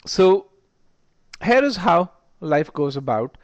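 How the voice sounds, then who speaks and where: A man's voice: high voice, sing-song, takes it slowly, dry recording. A man teaching test preparation in a webinar, emphatic and repeating words as he thinks aloud. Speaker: test prep instructor. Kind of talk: webinar lecture.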